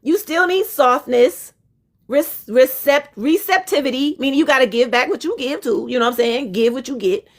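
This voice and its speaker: A woman's voice: high voice, normal speed. A woman giving a live-stream relationship talk, emphatic and preachy, speaking straight to her viewers in casual slang.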